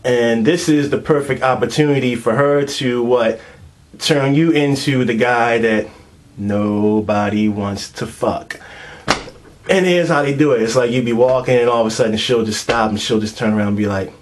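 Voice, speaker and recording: A man's voice: medium pitch, normal speed. A young man telling a crude, comedic rant full of street slang and constant fillers.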